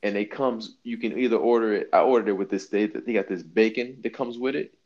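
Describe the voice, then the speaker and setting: A man co-hosting a podcast, talking in an animated, emphatic, slangy way and swearing freely. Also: on the low side, brisk, lo-fi sound. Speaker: podcast co-host. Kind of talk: casual chat. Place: New York.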